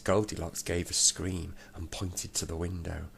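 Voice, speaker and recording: A man reading a children's storybook aloud, steady and unhurried. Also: low-pitched, gravelly, a little hiss or hum.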